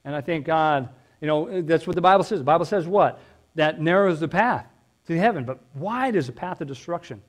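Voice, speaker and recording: A man's voice: a little high, lively intonation, fairly quick. A male pastor preaching a sermon in a conversational, emphatic way, throwing out rhetorical questions.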